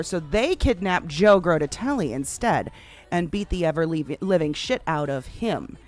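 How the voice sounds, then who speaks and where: A woman's voice: lowish voice, lively intonation, normal speed, darkish tone, faint music behind. A woman live-streaming a roleplay game, laughing often and telling the story in a rambling, filler-heavy way. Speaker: streamer playing a roleplay character.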